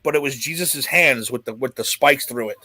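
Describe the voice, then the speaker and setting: A man's voice: mid-range voice, brisk, pushed and bright, dry recording. A man hosting a casual podcast chat, telling a long rambling story with restarts and swearing. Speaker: podcast host.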